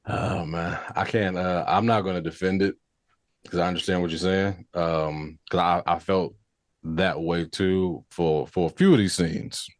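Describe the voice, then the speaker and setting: A low-voiced man co-hosting a casual review podcast. He is laid-back, swears, and acts out the scenes he retells. His voice sounds dry and close to the mic. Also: steady tone, unhurried, dry recording. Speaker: podcast co-host.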